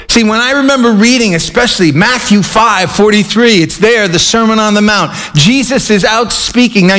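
Guy preaching, earnest and emphatic, fairly high voice. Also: a bit bright. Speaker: pastor. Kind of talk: sermon.

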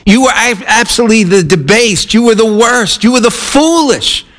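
A man preaching a sermon in a high, light voice. He talks earnestly, climbing into emphatic peaks and then stretching key phrases out slowly. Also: fairly bright tone. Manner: earnest, rising to emphatic peaks and slowing to drawn-out stresses.

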